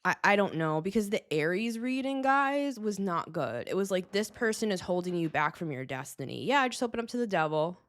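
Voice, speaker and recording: A woman's voice: medium pitch, big pitch swings, a little fast, hardly any pauses. A woman hosting a casual tarot reading vlog, rambling and agitated, swearing and laughing as she talks. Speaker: tarot reader, show host.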